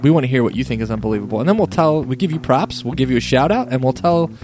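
A man's voice: medium pitch, lively intonation, very fast, darkish tone, soft background music. A man co-hosting a Christian radio podcast, talking in a laid-back, rambling way and laughing often. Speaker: co-host. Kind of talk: casual podcast chat.

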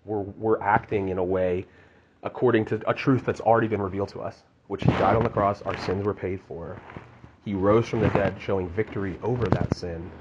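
A man's voice: on the low side, fairly even intonation, brisk, muffled recording, heavy background noise. A man giving casual devotional teaching as a preacher, earnest and conversational, often restarting his sentences.

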